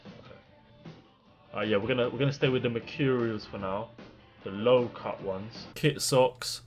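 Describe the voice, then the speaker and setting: A young man giving chatty, slangy gameplay commentary as a gaming YouTuber, excitable and given to sudden loud outbursts. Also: mid-range voice, moderate pace, faint music behind.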